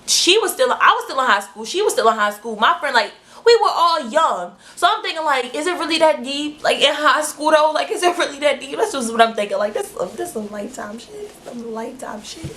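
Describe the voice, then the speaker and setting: A young woman telling a storytime vlog, animated and profane, acting out quotes in high shrieks. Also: fairly quick, hardly any pauses. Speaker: vlogger.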